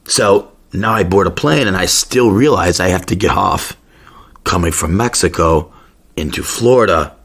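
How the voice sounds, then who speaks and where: Deep, husky man ranting casually. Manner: profane, rambling and excitable. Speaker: podcast host. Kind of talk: casual storytelling rant.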